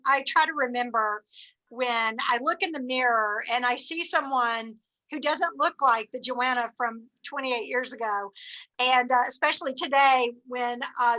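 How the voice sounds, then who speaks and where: A middle-aged woman leading a team meeting on a video call, telling stories in an animated, encouraging way. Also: sits high, rough recording. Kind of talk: motivational team meeting talk.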